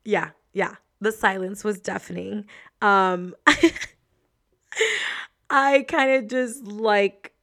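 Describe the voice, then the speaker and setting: Chatty woman host with a gravelly voice. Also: mid-range voice, slow, pauses often. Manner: expressive, chatty, laughs often, many fillers. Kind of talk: casual personal storytelling.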